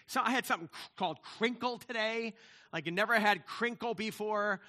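A man's voice: sits high, brisk, sharp tone. A middle-aged man preaching a sermon in a conversational way, often restarting and asking "right?". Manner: conversational preaching, many repeated words and restarts, asks "right?". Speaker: pastor.

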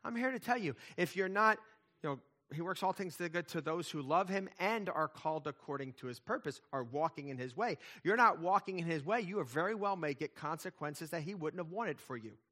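Bright-voiced man preaching with fervor. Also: on the high side, lively intonation, a little fast. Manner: emphatic preaching with rising and falling intensity. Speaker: pastor. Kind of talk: sermon.

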